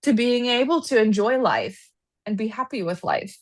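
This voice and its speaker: A podcast guest who is an equine therapist tells a story animatedly in a casual interview, saying "like" frequently and rising in pitch when she relives her anger. She speaks at a normal speed, and the sound is dry with no echo.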